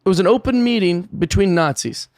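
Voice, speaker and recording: An American man, a guest comedian, chatting casually on a podcast and telling animated stories. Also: high-pitched, fairly quick, no room sound, clean studio sound. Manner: animated, storytelling, excitable laughs.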